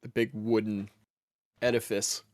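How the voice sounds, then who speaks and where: A man narrating a tabletop role-playing game as game master, in a relaxed, rambling way with many fillers. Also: fairly low pitch, a little slow, no echo, studio quality.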